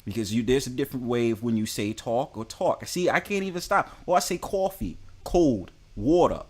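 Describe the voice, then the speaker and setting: A man's voice: medium pitch, expressive, fast talker. A man with a New York accent hosting a casual live-stream group chat. He talks emphatically, repeats himself and talks over others.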